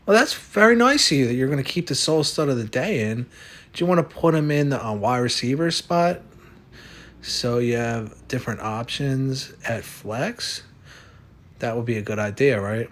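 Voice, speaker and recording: A man's voice: medium pitch, lively intonation, normal speed, fairly bright tone. A man speaking in a dry, skeptical tone, questioning the other voice in a comic sketch. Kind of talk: comic sketch over a fantasy lineup.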